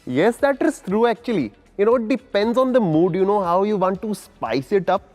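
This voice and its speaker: A man's voice: high voice, expressive, moderate pace, darkish tone, faint music behind, voice pushed up. A man voicing a chummy, emotional male interviewer who keeps tacking on "huh?". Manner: chatty, keeps adding "huh?" and "bro".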